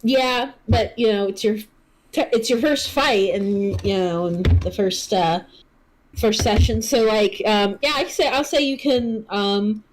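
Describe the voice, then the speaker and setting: A woman running a tabletop game as game master, describing scenes with many fillers and pauses. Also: mid-range voice, a little hiss or hum, poor audio.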